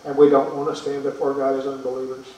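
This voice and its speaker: A pastor preaches a sermon in earnest tones, posing rhetorical questions and repeating words. His medium-pitched voice is monotone, quick, and dark, recorded from far off in an echoey room with slight background noise.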